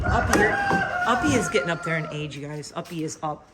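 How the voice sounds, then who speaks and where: A woman chats casually to her camera outdoors on a farm, rambling through her story and cooing at the animals around her. Her voice sits a little low. The camera audio is noisy, with outdoor sounds and passing vehicles behind her. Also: very animated, fairly quick. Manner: rambling, self-deprecating, coos at animals. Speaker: vlogger. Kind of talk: casual vlog chat.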